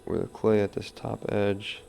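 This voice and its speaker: Low, gravelly man coaching pottery. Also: little pitch movement, measured pace, darkish tone, slight background noise. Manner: talks through each step while working, counts pulls under his breath. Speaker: pottery instructor. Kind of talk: live throwing demonstration.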